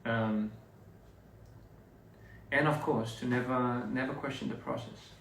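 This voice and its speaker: A young man chatting casually with viewers on a livestream, relaxed and halting, with lots of fillers and restarts. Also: mid-range voice. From Australia. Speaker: livestream host. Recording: roomy echo, distant mic, faint noise.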